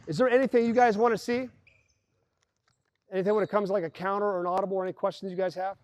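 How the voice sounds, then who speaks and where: This high-voiced man speaks in rapid-fire bursts while walking a basketball team through plays on an indoor court, and the recording is muffled. Full of energy, he calls out plays and voices the players himself.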